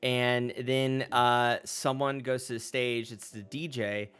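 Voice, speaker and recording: A man's voice: mid-range voice, little pitch movement, takes it slowly, a bit bright, smooth. A man working as game master, narrating a tabletop game in a loose, chatty way full of fillers and restarts.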